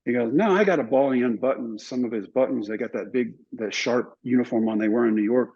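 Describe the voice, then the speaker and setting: An older man tells stories in an interview with a husky voice, acting out the people he quotes. His voice sits at an ordinary pitch. The recording sounds somewhat dull and muffled. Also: brisk. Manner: animated storyteller, acts out other people's lines. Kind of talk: telling stories in a relaxed interview.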